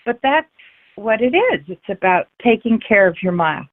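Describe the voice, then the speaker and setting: A frank, passionate woman speaks candidly as an interview guest, swearing now and then and restarting sentences as she goes. Her pitch sits in a middle range. She comes through a thin, phone-like line. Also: very animated, normal speed.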